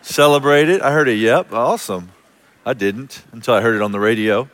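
A man's voice: medium pitch, a little fast, fairly bright tone. A male pastor telling a story in a conversational sermon, joking with the congregation and asking for amens. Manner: conversational, self-deprecating humor with audience call-outs. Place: church sanctuary before a congregation. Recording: long reverb of a large hall.

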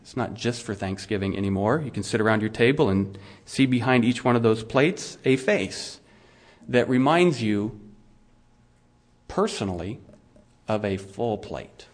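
A man's voice: lowish voice, animated, measured pace. A middle-aged male pastor preaching a sermon in a conversational way, asking his listeners questions and often restarting his words. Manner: frequent restarts and repeated words.

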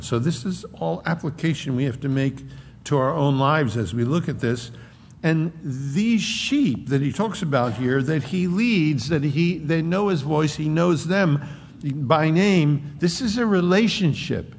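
A man preaching a sermon, emphatic and conversational, slowing down to stress points. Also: medium pitch, animated, vocal fry, darkish tone, breathy edge. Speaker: pastor. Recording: long hall reverb, faint noise.

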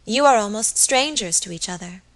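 A woman's voice: mid-range voice, animated, moderate pace, close to an everyday voice. A woman voicing an anxious young lady of the manor, who asks probing questions in a storybook reading.

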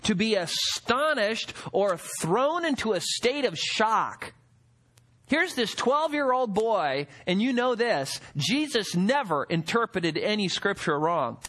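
Animated high-voiced male preacher. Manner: expressive preaching, acts out quotes, rhetorical questions. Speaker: pastor. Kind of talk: sermon.

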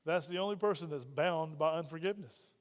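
A man's voice: on the high side, fairly quick. A man preaching a conversational sermon as pastor, often putting questions to the congregation. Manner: asks the congregation frequent questions. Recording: long reverb of a church hall.

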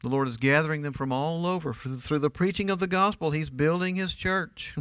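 A man's voice: fairly high pitch, steady tone, a little fast, a bit bright, smooth, dry recording. A middle-aged man preaching a sermon in church, emphatic and often asking his listeners rhetorical questions. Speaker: pastor.

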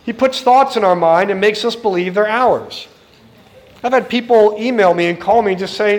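A man's voice: high voice, normal speed. A middle-aged man preaching a sermon in an earnest, direct way, speaking to the congregation and acting out the voices he quotes.

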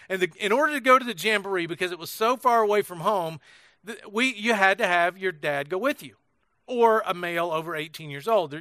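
A man's voice: high voice, bright, forceful tone, no room sound, studio quality. A middle-aged man preaching a sermon, conversational and storytelling, asking the congregation questions and acting out quotes. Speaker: pastor.

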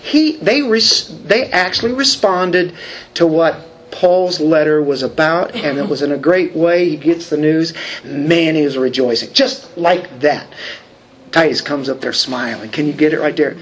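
A man's voice: a little high, a little slow. A man preaching a sermon, talking conversationally and asking the congregation questions. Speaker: pastor.

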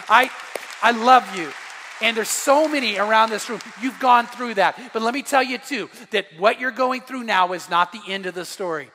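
Middle-aged guy preaching, high voice, earnest then fired up, big echoey church. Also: pushed and bright. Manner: earnest, rising to fervent emphasis. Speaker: pastor. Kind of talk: sermon. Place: church sanctuary. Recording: long echo of a large church hall.

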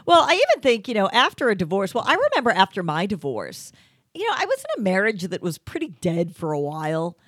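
A woman's voice: medium pitch, huge pitch swings, brisk, no room sound, clean studio sound. Chatty, opinionated woman podcast host. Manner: chatty, opinionated, talks off the cuff. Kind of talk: casual chat.

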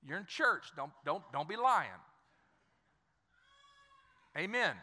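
A man's voice: high-pitched, animated, slow pace, bright, forceful tone, in a large hall. A male pastor preaching a sermon, telling stories in a conversational, joking way with many repeated words. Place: church.

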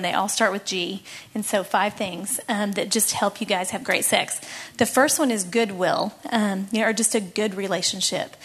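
A woman with a mid-range voice co-leads a church talk. She sets out her points in a plain, practical way. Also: mid-range voice. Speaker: co-speaker.

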